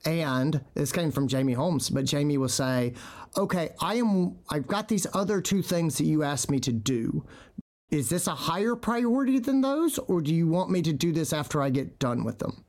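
A man's voice: on the high side, animated, normal speed, darkish tone. A middle-aged man, a veterinarian podcast host, telling stories in casual chat and acting out quotes with animation.

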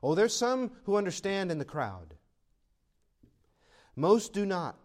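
High, animated male pastor preaching. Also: slow, pauses often. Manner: animated, swings from loud proclaiming to quiet asides, laughs between points. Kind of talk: sermon.

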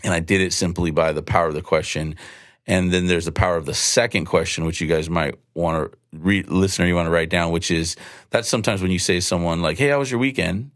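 A man's voice: low-pitched, fast talker, no room sound, clean studio sound. A man telling a story and teaching, acting out both sides of a conversation. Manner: animated, acts out dialogue in quotes. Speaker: guest speaker on evangelism.

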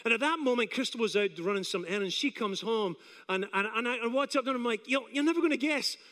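A Scottish man in his forties, preaching a sermon as an animated, self-deprecating storyteller who acts out his own doubts. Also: high voice, fast talker, big-room sound. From Scotland. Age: 40s.

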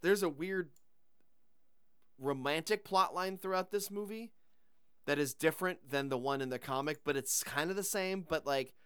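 A man's voice: a little high, moderate pace, smooth, dry recording, clean studio sound. A man guest on a podcast, chatting casually and animatedly about a movie and its comic. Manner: animated, comparing film to the comic. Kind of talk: casual chat.

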